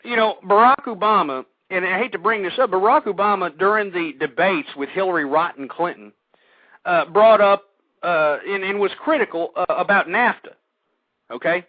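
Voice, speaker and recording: High-voiced man ranting on tinny talk radio. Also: normal speed, no echo. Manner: rambling, repeats words, grows loud and heated. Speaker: radio host. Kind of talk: internet talk radio monologue. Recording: tinny phone-line sound, dry.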